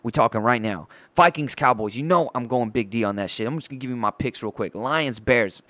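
A man hosting a podcast, ranting about sports in a loud, crude, rambling way and mocking the players he talks about. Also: mid-range voice, brisk, no echo. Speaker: podcast host. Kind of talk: profane sports rant.

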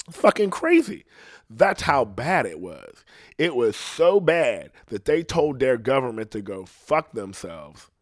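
A man's voice: medium pitch, very animated, no echo, studio quality. A man doing a stand-up comedy monologue, rambling and swearing constantly. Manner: profane, rambling, fast.

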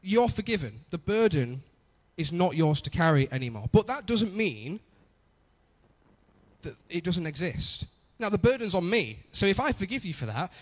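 A young adult man preaching a conversational sermon, often repeating phrases for emphasis. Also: a little high. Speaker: pastor.

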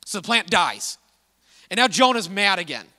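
A man preaching a sermon as pastor, talking in a conversational, animated storytelling way. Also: sits high, normal speed. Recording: long reverb of a hall.

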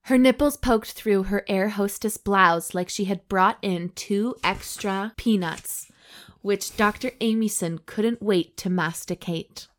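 Woman, comedy podcast co-host, slow unhurried reading, giggles between lines. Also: mid-range voice. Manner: reads slowly, breaking into laughter. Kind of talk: comic reading aloud of fan fiction.

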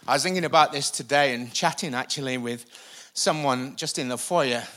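Man, pastor, sermon on stage, energetic, repetitive emphasis, bright tone. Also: fairly high pitch, moderate pace. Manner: energetic, repeats lines for emphasis, uses a helper for a live demonstration. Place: church stage before a congregation.

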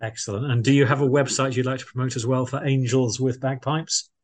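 A man's voice: medium pitch, fairly even intonation, a little fast. A man hosting a radio interview, effusive and full of fillers. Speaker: radio host.

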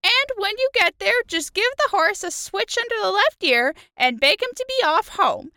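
A woman voicing a helpful old woman from a fairy tale, in a high old lady voice. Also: animated, normal speed, sharp tone, dry recording, studio quality, exaggerated voice. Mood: kindly. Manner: storybook telling.

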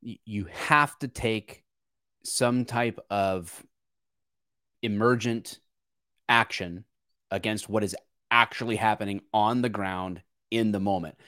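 A man's voice: lowish voice, fairly even intonation, slow pace, long pauses, sharp tone, dry recording, studio quality. A man co-hosting a podcast, talking through political issues in an earnest, searching way with frequent restarts. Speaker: podcast co-host. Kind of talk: casual political discussion.

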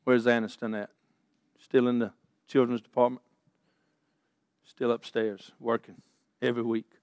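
A man's voice: mid-range voice, level tone, a little slow, darkish tone, dry recording. A middle-aged man preaching a folksy sermon, calling out for amens and often restarting his sentences. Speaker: pastor.

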